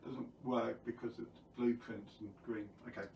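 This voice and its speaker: A man's voice: mid-range voice, expressive, a little slow, mellow, echoey room, recorded from a distance, rough recording. Playful man telling a kids' story. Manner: playful, jokey, quizzes the viewers. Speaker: children's storyteller. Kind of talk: live-streamed story time for kids.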